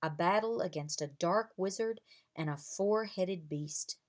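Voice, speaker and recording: A woman voicing a gruff, proud king who speaks formally, in a read-aloud storybook. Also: fairly low pitch, unhurried, lightly acted.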